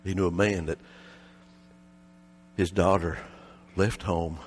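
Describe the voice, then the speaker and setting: A man preaching a sermon, telling a story and then swinging between loud fervent passages and quiet, intense ones. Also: low voice, steady tone, takes it slowly, long reverb tail, a little hiss or hum. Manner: swings from shouted fervor to hushed intensity.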